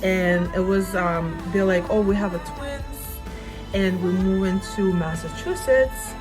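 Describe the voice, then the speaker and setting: Young woman, chatty and rambling, self-mocking, makeup vlog, clear background music. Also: medium pitch, unhurried. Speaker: beauty vlogger. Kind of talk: casual storytelling while doing makeup.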